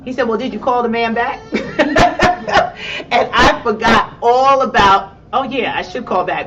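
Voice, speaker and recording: The distant mic leaves this New York-accented woman sounding set back, the recording dull and muffled, with a faint rumble humming below. A motivational speaker on stage, she tells an uplifting story while acting out her own excited reactions.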